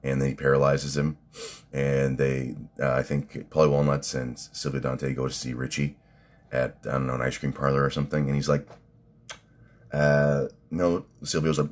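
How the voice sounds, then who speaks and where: A man's voice: extremely low pitch, flat delivery, normal speed. A man talking in a casual rambling vlog, profane and laughing at his own stories. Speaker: fitness vlogger and coach.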